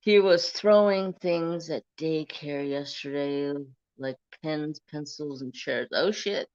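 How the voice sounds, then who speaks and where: A man's voice: a little high, slow pace, smooth, no room sound, lo-fi sound. A man hosting a casual crafting live stream from his phone, telling stories in a laid-back way, swearing and laughing often. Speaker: livestream crafting host.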